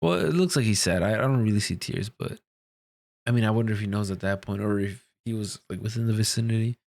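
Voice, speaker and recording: A man hosting a casual reaction to a comic chapter, excitable and slangy, laughing often. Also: lowish voice, quick pace, vocal fry.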